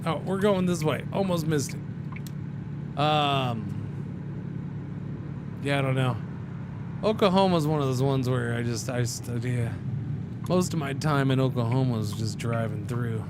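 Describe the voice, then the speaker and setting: A man's voice: medium pitch, expressive, unhurried, long pauses, heavy background noise. A man streaming a truck driving game, chatting casually and thinking aloud with many restarts.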